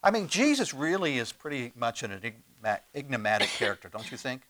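A man preaching a sermon as pastor, conversational and animated, with sudden swings between loud emphasis and quiet asides and frequent rhetorical questions. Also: medium pitch, fairly quick, slight background noise. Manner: animated preaching with big swings in loudness and pace.

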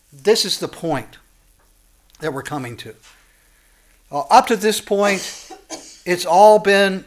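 In a church sanctuary, a pastor with a slightly high voice preaches a sermon. He stays animated throughout, firing off rhetorical questions and repeating short phrases to hammer them home.

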